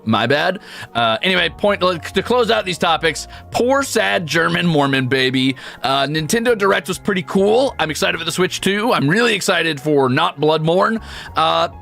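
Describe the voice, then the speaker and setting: A man's voice: on the high side, vocal fry, pushed and bright. A young adult man streaming, chatting casually and rambling through a profane story. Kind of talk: casual chat.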